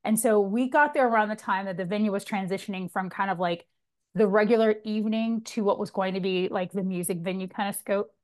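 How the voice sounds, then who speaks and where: A woman hosting a podcast, telling stories in a lively, casual way and swearing often. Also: medium pitch, a little fast. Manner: animated storyteller, frequent swearing. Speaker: podcast host. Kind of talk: casual chat.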